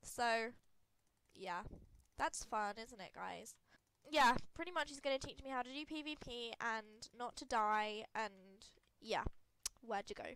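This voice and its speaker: A woman's voice: on the high side, lively intonation, a little slow, fairly bright tone, a little hiss or hum. A woman with a cold, congested and sniffly, giving giggly, rambling, self-deprecating commentary over a video game. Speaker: gaming video creator. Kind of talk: casual gameplay commentary.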